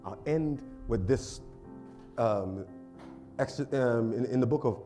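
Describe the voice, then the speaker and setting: A man preaching a sermon as a pastor, animated and humorous, laughing often and acting out little voices. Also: medium pitch, slow pace, music in the background. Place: church service.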